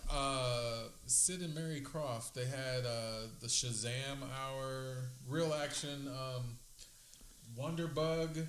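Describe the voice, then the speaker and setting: A man co-hosting a podcast, chatting eagerly and nostalgically in quick bursts. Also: medium pitch, fairly even intonation, a bit bright, echoey room. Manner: enthusiastic, nostalgic, fast bursts. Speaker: podcast co-host. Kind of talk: casual chat.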